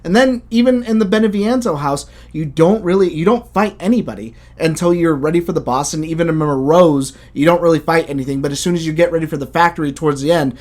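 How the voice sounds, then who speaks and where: A man hosting a casual game review chat, animated and blunt, swearing freely as he talks. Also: fairly high pitch. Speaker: video game podcast host.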